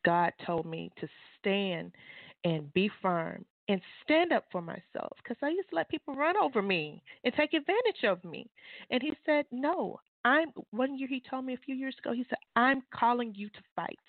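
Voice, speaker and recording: A woman, an author and guest, giving fervent, preachy testimony on a call-in show, leaping into high exclamations. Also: lively intonation, normal speed, no echo. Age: adult mother. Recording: tinny phone line.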